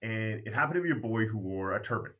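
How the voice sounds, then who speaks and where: A man's voice: on the low side, fast talker. A man from Canada, a basketball program founder, telling stories in a casual interview and acting out remembered dialogue. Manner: animated storyteller who acts out remembered dialogue.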